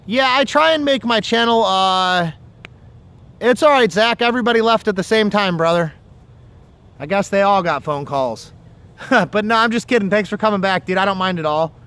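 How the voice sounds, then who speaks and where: A man's voice: sits high, expressive, moderate pace, a bit bright, clear, resonant tone. A man hosting a fishing livestream from outdoors by the water, chatting casually and telling stories in a rambling, profane way. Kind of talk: casual chat. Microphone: phone or camera on a livestream.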